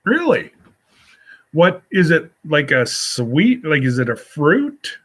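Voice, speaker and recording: A man's voice: on the high side, very animated, slow pace. A man hosting a casual solo live stream, rambling as he reads and answers viewer comments with a folksy, teasing manner.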